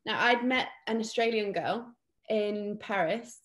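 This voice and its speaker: A woman's voice: medium pitch, unhurried. Young British woman, casual guest, chatty with fillers, mid-range voice. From England. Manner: chatty, lots of fillers and restarts. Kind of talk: casual interview chat.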